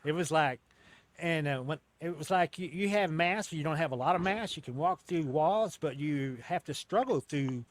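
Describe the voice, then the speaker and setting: A man's voice: fairly high pitch, normal speed, dry recording. A man as an interview guest, telling a long story in a casual, rambling way, with many restarts and casual swearing. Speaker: interview guest recounting an encounter.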